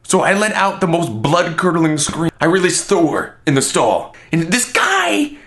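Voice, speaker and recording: A man telling a funny story in an excitable, animated way. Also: a little high, unhurried. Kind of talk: comedic storytelling.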